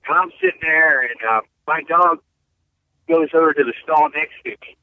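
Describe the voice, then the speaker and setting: A man's voice: a little high, normal speed, dry recording. Man telling stories over a tinny line. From Ohio. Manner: rambling, many fillers. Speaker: guest comedian. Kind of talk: casual storytelling.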